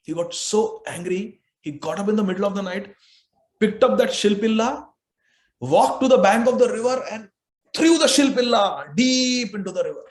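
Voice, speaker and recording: A man with an Indian English accent, a spiritual teacher telling a scripture story in an animated way, dropping Hindi phrases. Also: sits high, normal speed.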